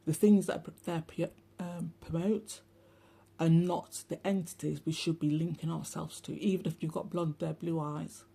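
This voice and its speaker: A woman talks to her followers in a loose, rambling spiritual monologue. Her voice is gravelly and husky with a mellow, dark tone. She is blunt, sweary and sarcastic. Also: low-pitched, steady tone, moderate pace. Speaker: spiritual channel host.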